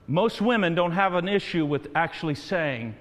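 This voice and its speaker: A man with a high-pitched voice preaches a sermon, urging his congregation and building to loud calls. His voice rings through a large church hall with a long reverberant tail. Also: animated, normal speed. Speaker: pastor.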